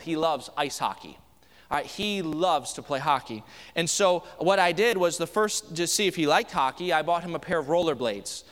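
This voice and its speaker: Pastor, man in his 30s, fairly high voice, chatty preaching with stumbles and restarts, church hall reverb. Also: a bit bright. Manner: conversational preaching with anecdotes and frequent restarts. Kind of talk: sermon. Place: church sanctuary.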